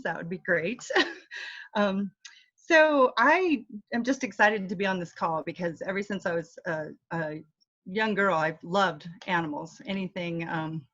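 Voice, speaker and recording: A middle-aged woman introducing herself on a video call, hesitant with many pauses and fillers. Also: medium pitch, dry recording, highs cut off. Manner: hesitant, many ums, warm and earnest. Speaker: panel guest.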